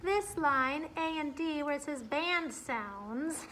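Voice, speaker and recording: High-voiced upbeat woman music teacher. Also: animated, takes it slowly, sharp tone, slight background noise. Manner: upbeat and encouraging, counts in and explains strums step by step. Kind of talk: group guitar lesson. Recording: roomy sound with guitar playing.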